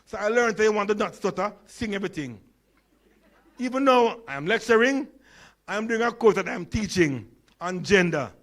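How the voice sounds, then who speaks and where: High-voiced Jamaican man with a stutter. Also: animated, normal speed, fairly bright tone. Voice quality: stutter and lisp. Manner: storytelling, engages audience with questions. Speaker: conference speaker. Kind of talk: humorous keynote talk.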